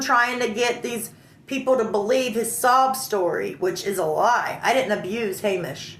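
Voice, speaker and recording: A woman's voice: on the high side, normal speed. Indignant woman retelling a story, echoey. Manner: animated, indignant, acts out dialogue. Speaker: vlogger telling a personal story. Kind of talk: emotional storytelling. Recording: roomy echo.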